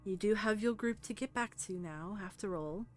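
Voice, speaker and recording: A woman voicing Verbena, a sad, tender female ghost, in a put-on British accent, hushed and breathy. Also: mid-range voice, normal speed, soft background music, pitched above the performer's own voice, close to an everyday voice. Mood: wistful.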